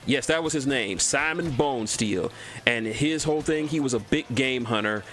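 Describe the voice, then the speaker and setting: A man's voice: mid-range voice, normal speed, fairly bright tone, a little hiss or hum. A man from Texas streaming a game, rambling through cartoon trivia, often stumbling and repeating words and swearing casually. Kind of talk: casual gameplay commentary.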